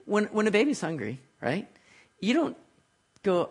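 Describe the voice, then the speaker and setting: A man delivers a sermon in a relaxed, conversational way. His voice sits high for a man, and he drops in little jokes and asides to people in the room as he teaches. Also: a little slow, husky. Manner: conversational, jokes with listeners, writes on a board. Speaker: preacher.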